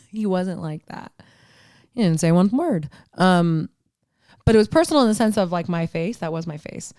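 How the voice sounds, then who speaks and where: A woman's voice: fairly low pitch, lively intonation, moderate pace, dark tone, no room sound, studio quality. A young woman hosting her own podcast, talking alone in an earnest, rambling way, swearing freely and laughing often. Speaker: podcast host. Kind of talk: casual solo monologue.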